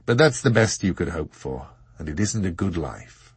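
A man voicing a self-assured, worldly nobleman, dry and unsympathetic, with a husky, lively delivery. It is recorded close and dry. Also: deep voice, moderate pace, no echo, full character voice.

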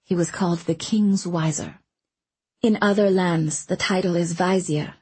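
A woman narrates a story in a calm, measured reading voice. Her delivery is slow and unhurried, with a breathy softness to the tone. Her voice sits a little low for a woman. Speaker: audiobook narrator. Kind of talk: scripted narration.

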